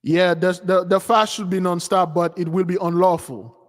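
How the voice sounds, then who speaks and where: A man's voice: high-pitched, steady tone, moderate pace, long reverb tail, faint music behind. A man preaching, exhorting his listeners and often restarting his sentences. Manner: repetitive, stumbling restarts, exhorting. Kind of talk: sermon.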